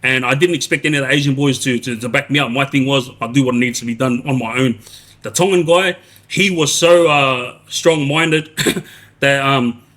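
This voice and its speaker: A man's voice: mid-range voice, normal speed, a bit bright. A man, telling stories on a live stream in a rambling way, full of restarts and "yeah?" checks. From Australia. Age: 40s. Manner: rambling, many restarts and tag questions like "yeah?". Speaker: livestreamer telling prison stories. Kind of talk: casual storytelling on a live stream.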